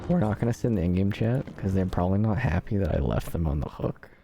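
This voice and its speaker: A slightly hoarse man streaming a game, chatting casually and joking at his own expense to viewers. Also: sits low, lively intonation, fast, dark tone, a little hiss or hum. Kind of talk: casual gameplay commentary.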